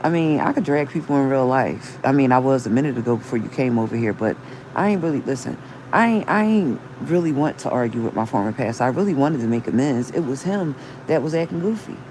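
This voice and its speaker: A woman's voice: very deep voice, lively intonation, fast, a little mellow, a little hiss or hum, poor audio. Earnest woman livestreamer repeating herself. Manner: earnest, repetitive, restarts often, cites scripture. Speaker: livestream host. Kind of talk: casual livestream talk, preaching.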